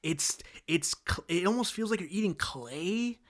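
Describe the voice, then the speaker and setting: A man's voice: high voice, animated, measured pace, fairly bright tone. Rambling man ranting about food. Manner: rambling, many restarts and fillers, exasperated rants. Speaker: host. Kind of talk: casual solo talk.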